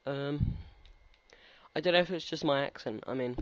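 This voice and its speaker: A man's voice: fairly high pitch, normal speed, a little hiss or hum. A teenage man giving rambling, chatty let's-play commentary and talking back to game characters. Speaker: gaming commentator. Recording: slightly muffled lo-fi recording.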